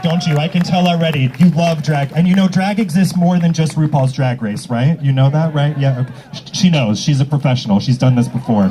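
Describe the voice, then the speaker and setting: A man's voice: a little high, fairly quick, background noise. A man hosting as a drag emcee at an outdoor rally, bantering with the audience in a brash, teasing and profane way. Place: outdoor public square at a rally. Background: faint crowd.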